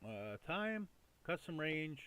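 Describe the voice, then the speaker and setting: A man's voice: fairly high pitch, sing-song, takes it slowly, sharp tone, clean tone. Chatty man hosting a news commentary. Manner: loose, chatty, many fillers and repeats. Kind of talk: casual rambling commentary.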